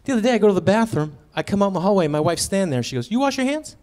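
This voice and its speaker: A man in his thirties doing a stand-up comedy set on stage, telling stories with bursts of acted voices. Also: rapid-fire. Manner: animated storytelling with sudden high-pitched acted quotes. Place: comedy stage before a live audience.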